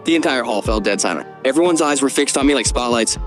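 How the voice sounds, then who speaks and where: A man's voice: medium pitch, expressive, fast talker. A man narrating a first-person story recap, voicing every character in the same plain voice. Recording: light background music.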